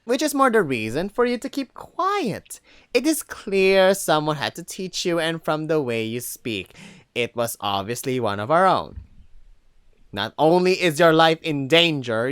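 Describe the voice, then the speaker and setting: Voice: medium pitch, sing-song, unhurried, fairly bright tone, smooth, no echo, clean studio sound. A reader voicing a grave she-wolf tribeswoman. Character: stern, wary female wolf tribeswoman. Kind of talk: audiobook reading of a furry fantasy story.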